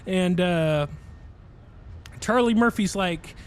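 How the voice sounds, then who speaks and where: A man's voice: a little high, normal speed. Rambling, laughing male game streamer. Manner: rambling storyteller, laughs often. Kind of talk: casual chat while livestreaming a game.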